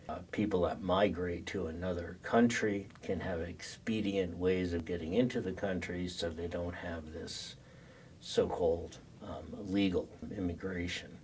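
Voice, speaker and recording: A man's voice: low-pitched, a little mellow, far from the mic, slight background noise. An older man giving a conversational classroom lecture as a social work professor, full of fillers and restarts.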